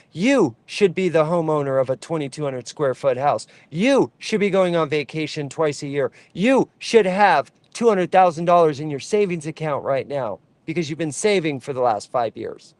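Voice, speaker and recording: A man's voice: a little high, no echo. A man speaking as an advocate for truck drivers, in an impassioned direct-to-camera rant, fervent and preachy, repeating lines for emphasis.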